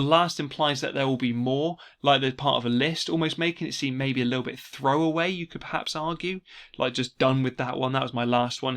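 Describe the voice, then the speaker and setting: Guy teacher going over exam revision, bright crisp voice, slows right down on key words. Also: mid-range voice. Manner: explanatory, repeats key words slowly for emphasis. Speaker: English teacher.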